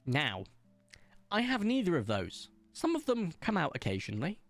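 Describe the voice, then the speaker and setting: This posh-sounding Somerset gamer rambles casually through anecdotes full of ums, his fairly high, slightly bright voice swooping wildly in pitch at a moderate pace. The recording is dry with no room sound, and faint music sits in the background.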